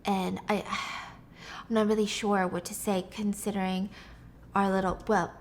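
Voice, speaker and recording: A woman voicing a calm doctor who speaks hesitantly at first, then directly and evenly. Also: mid-range voice, a little slow, slight background noise, lightly acted. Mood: measured. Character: calm soft-spoken doctor delivering news.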